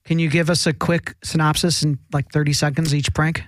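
A man's voice: a little high, flat delivery, a little fast, no echo. A man hosting an interview, teasing his guest in an upbeat way. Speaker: host, interviewer. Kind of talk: casual interview chat.

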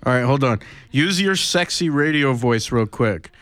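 A man's voice: medium pitch, lively intonation, moderate pace, fairly bright tone, no room sound, clean studio sound. A man producing a recording session, casually coaching the reader between takes. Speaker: studio producer.

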